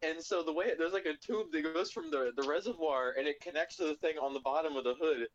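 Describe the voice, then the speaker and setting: A man's voice: on the high side, quick pace. A young man telling a rambling, laugh-filled story in casual chat. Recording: dull lo-fi sound.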